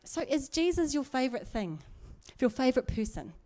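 A woman's voice: high-pitched, very animated, moderate pace, warm tone. A middle-aged woman preaching in a chatty, earnest way, with asides and laughs. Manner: conversational, earnest, laughs often, many asides. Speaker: church speaker. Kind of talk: sermon.

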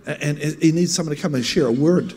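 A man's voice: fairly high pitch, brisk, a little mellow, a little hiss or hum. A man preaching a sermon, telling a story earnestly and building to emphatic bursts.

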